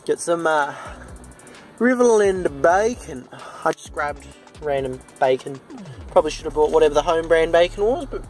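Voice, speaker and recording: A young Australian man with a fairly high, expressive voice cooks in his home kitchen while vlogging in a put-on American accent, speaking at a moderate pace. He rambles and jokes at his own expense, filmed on a handheld phone camera with faint music and sizzling bacon behind him, and the recording is low quality.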